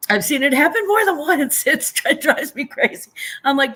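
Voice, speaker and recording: A woman's voice: sits high, animated, a little slow, a bit bright. An older woman from the United States, chatting casually as a guest and slipping into mocking voices. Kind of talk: casual chat.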